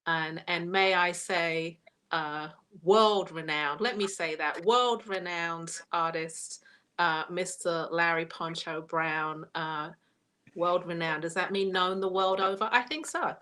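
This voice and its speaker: A woman's voice: on the low side, slow pace, bright, forceful tone. A woman co-hosting a casual livestream chat, playful and laughing, with hesitant fillers. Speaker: show co-host.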